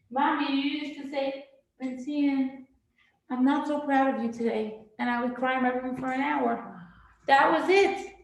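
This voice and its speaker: A middle-aged woman teaching a parenting class in a classroom, lively and acting out children's voices. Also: high voice, a little hiss or hum. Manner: animated, acts out children's voices. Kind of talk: classroom lecture. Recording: very echoey room.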